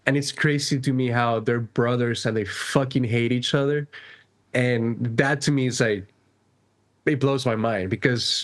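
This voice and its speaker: A man co-hosting a podcast in relaxed conversation. He gropes for words and restarts often, in an average-pitched voice. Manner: hesitant, stumbling restarts. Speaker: podcast co-host. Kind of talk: casual chat.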